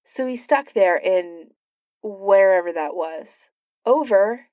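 A woman's voice: mid-range voice, expressive, slow, no echo, phone-quality sound. A woman reading the lines of an eager, slightly indignant young male superhero.

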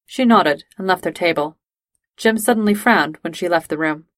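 A woman narrating a fan-fiction audiobook in a steady, even storytelling manner. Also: on the low side, normal speed, no echo.

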